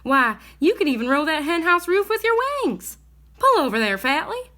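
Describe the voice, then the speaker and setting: A woman's voice: high voice, sing-song, moderate pace, pushed and bright, exaggerated voice. A woman voicing a spry, bossy old countrywoman who scolds and cheers on stranded animals in folksy country talk.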